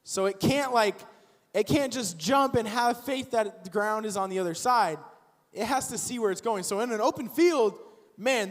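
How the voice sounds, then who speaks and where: Young guy youth pastor, casual animated sermon, echo all over the room. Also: high voice. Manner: casual and animated, acts out the story characters. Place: church auditorium. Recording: long hall reverb.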